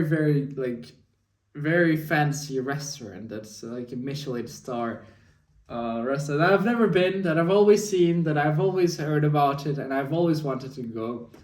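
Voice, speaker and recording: A young man rambles through a weekly diary story full of fillers and restarts. His voice sits a little high. He sounds set back from the mic in an echoey room. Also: normal speed, a little mellow, far from the mic. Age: young adult. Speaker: vlogger. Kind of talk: casual spoken diary.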